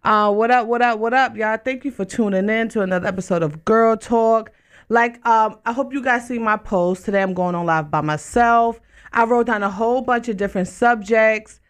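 A woman hosting a casual live radio chat show from a studio, talking loudly and hyping the listeners with repeated greetings and shout-outs. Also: a little high, moderate pace, smooth. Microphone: studio mic with headphones.

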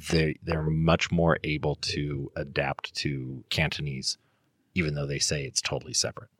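A middle-aged man chatting casually on a podcast, telling family stories in a relaxed way with fillers. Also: a bass voice, normal speed, no room sound, studio quality. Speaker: guest.

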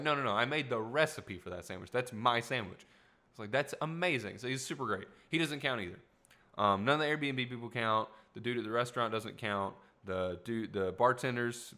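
A young man in his twenties with a fairly low voice that has a bright, forward edge. He talks in a loose, rambling storytelling style and keeps stopping to correct or restate himself. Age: 20s. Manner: rambling, self-correcting, upbeat. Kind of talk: casual storytelling monologue.

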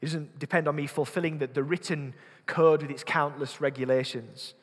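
A man with a Yorkshire accent preaches a sermon in a church, his husky voice sitting on the high side with fairly even intonation at a normal speed. He sounds earnest, repeating words as he thinks and putting questions to the congregation. A long hall reverb colors the recording.

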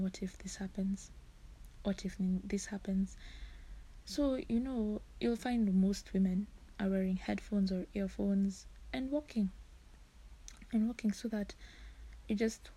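A young woman speaks as a podcast guest, frank and earnest, breaking into short laughs now and then. Her voice is mellow and dark, with a breathy, husky edge, and sits at a middle pitch. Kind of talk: casual podcast talk.

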